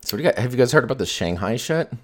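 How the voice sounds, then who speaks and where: A man's voice: medium pitch, animated, rapid-fire. A man chatting casually as a podcast host, rambling and swearing freely with lots of fillers. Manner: rambling, profane, filler-heavy. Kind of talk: casual chat.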